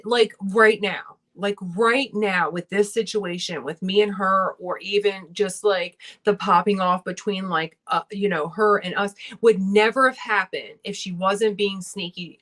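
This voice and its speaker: A woman's voice: medium pitch, a bit bright. A young woman hosting a casual makeup livestream, talking bluntly and heatedly with plenty of swearing. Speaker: beauty vlogger hosting a livestream. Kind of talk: casual livestream chat while doing makeup.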